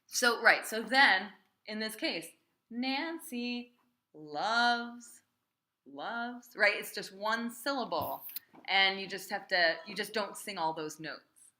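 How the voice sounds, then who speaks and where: A woman cantor teaching a small class how to chant Torah trope, chatty and encouraging, often checking with "right?" and singing phrases slowly. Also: mid-range voice, sharp tone. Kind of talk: informal small-group class.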